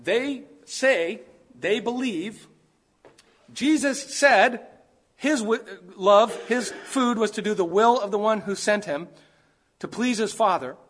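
A male preacher delivering a sermon while he is sick. His voice sits high for a man and has a husky edge. He drives his points home by piling up words one after another. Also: unhurried, a bit bright. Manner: emphatic, stacks and repeats key words.

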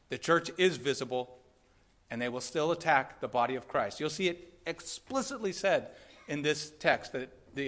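Earnest bright-voiced male preacher. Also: a little high. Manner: earnest, repeats words, rising to emphatic peaks. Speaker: pastor. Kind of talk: sermon.

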